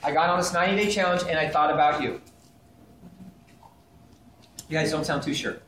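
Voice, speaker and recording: Energetic man teaching in an echoey room. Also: a little high, fairly quick, a little hiss or hum. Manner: energetic, animated, acts out phone calls. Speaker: sales trainer. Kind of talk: live seminar teaching. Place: seminar room with a live audience. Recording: very echoey room, faint ambience.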